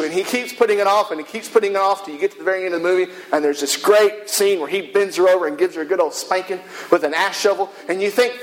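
A middle-aged man, a pastor, preaching an animated sermon and repeating phrases for emphasis. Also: high voice, fast talker, hardly any pauses, low-quality recording.

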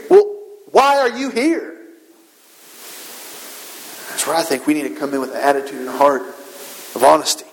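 A man preaching a sermon to his congregation, earnest and emphatic, firing rhetorical questions and repeating his points. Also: fairly high pitch. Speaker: pastor. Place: church sanctuary. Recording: long hall reverb.

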